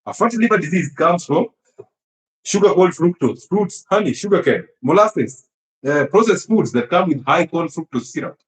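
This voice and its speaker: A man's voice: a little high, animated, moderate pace. Emphatic man in an echoey room. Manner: emphatic, laughs often, teasing rhetorical questions. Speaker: health speaker. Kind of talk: animated health talk.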